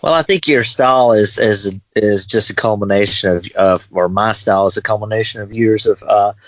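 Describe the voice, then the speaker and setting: A man's voice: fairly low pitch, moderate pace, no echo. A man, a guest guitarist, giving thoughtful, meandering explanations in a casual interview. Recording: dull lo-fi dry sound.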